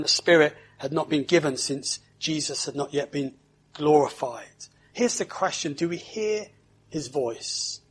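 Husky high-voiced male preacher. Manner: earnest, asks the congregation many questions. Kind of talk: sermon.

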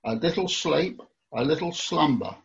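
A man with a slightly high, husky voice reads scripture slowly and deliberately. The recording is dull and lo-fi. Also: animated. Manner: careful, deliberate reading. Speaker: scripture reader. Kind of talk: measured scripture reading.

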